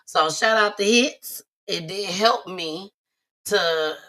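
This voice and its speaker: A woman hosting a casual talk show, telling stories animatedly and bursting into loud, high impressions. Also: takes it slowly. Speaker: host. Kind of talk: casual chat.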